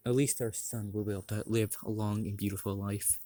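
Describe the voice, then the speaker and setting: A man voicing a calm, defiant superhero father in an amateur spoken story. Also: lowish voice, fairly quick, close to an everyday voice. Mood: gentle.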